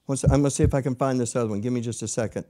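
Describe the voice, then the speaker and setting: A man's voice: mid-range voice, fairly even intonation, rapid-fire, warm tone. A man teaching a Bible study lesson in a conversational manner that rises to emphatic preaching.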